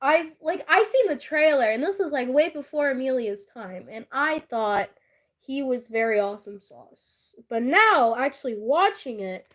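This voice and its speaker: A woman's voice: sits high, a bit bright. A woman in casual chat with a friend, giggling often, teasing and swearing casually.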